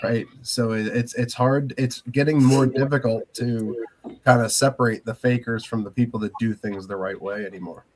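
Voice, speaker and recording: A man's voice: mid-range voice, fairly even intonation, moderate pace. A man in a panel discussion, speaking conversationally with frequent restarts.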